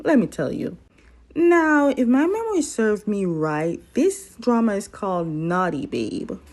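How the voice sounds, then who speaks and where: Lively chatty woman recapping a drama. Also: mid-range voice. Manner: chatty, playful, talks straight to viewers.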